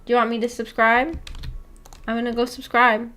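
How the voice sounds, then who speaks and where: Giggly high-voiced woman streamer. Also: little pitch movement, moderate pace, fairly bright tone. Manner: rambling, giggly, reads chat aloud. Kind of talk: casual chat with live viewers. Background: faint background music.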